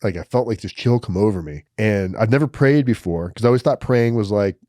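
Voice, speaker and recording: A man's voice: fairly low pitch, brisk, dark tone, no room sound, clean studio sound. A man telling his own story as a podcast guest, blunt and profane, with emphatic restarts. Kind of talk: personal storytelling.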